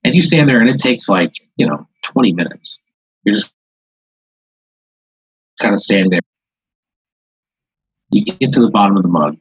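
A man improvising a second-person story to a guest, halting and full of filler words. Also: on the low side, expressive, slightly rough, no echo, muffled recording. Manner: rambling, halting, many "like"s.

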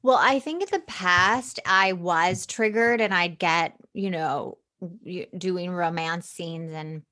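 A woman speaks in a casual podcast chat with a bright, sharp tone. She sounds earnest and candid. When she quotes people, she brings them to life. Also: fairly low pitch, slow pace. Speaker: podcast guest, actor.

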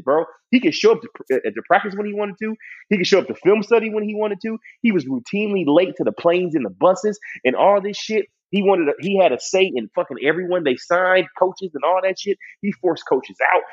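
Husky man ranting on a lo-fi recording. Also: high-pitched. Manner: profane, heated ranting with mocking quoted voices. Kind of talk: casual sports chat. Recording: dull lo-fi recording.

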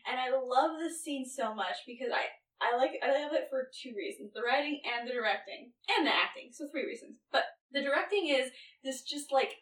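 Brief: chatty woman co-host with a higher voice, recorded in a roomy space at a distance. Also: lively intonation, brisk, few pauses, fairly bright tone. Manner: chatty recap with hesitant fillers. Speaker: podcast co-host. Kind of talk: casual chat recapping an episode.

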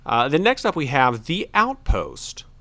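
Guy cohosting a podcast, bright forceful voice, rambly chatty talk. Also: fairly high pitch, huge pitch swings, unhurried. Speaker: podcast co-host. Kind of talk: casual chat.

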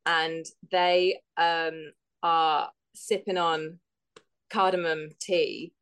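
A woman's voice: deep voice, fairly even intonation, very slow, a bit bright, clean tone. A woman who works as an actor and writer, a podcast guest who chats in a bubbly, self-deprecating way. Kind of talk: casual interview.

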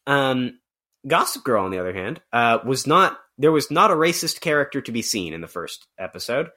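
A man's voice: mid-range voice, sing-song, moderate pace, sharp tone. A young man co-hosting a podcast, chatting casually with a sarcastic edge, laughing often and mimicking voices. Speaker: podcast co-host. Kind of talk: casual chat.

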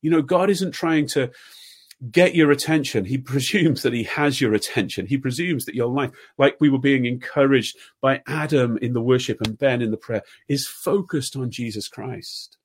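A husky-voiced man in his fifties delivers a sermon. He speaks earnestly, stacking question after question, and often sinks into quiet, gentle tones. His voice sits at an ordinary middle pitch. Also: moderate pace. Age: 50s. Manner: earnest, repeats questions, drops to soft tones at times. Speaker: pastor.

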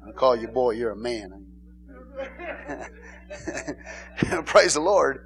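A male pastor preaching an informal sermon in a church, bantering and laughing with the congregation and rising to shouted emphasis. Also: mid-range voice, huge pitch swings, very slow. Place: church sanctuary.

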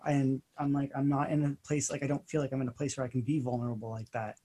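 A woman co-hosting a casual podcast, dry and sympathetic, soft-spoken. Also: rumbling low, flat delivery, fast, slightly rough. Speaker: podcast co-host. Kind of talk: casual chat.

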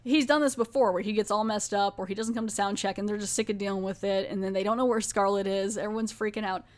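Brief: woman podcast host, casual recap, chatty with lots of fillers, mid pitch. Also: steady tone, quick pace. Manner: chatty, filler-heavy, often restarts.

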